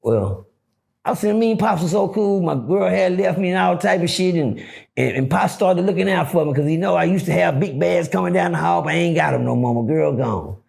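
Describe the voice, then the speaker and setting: A middle-aged man telling a story casually, profane and animated, acting out the dialogue. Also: fairly high pitch, a little fast, vocal fry. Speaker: guest storyteller.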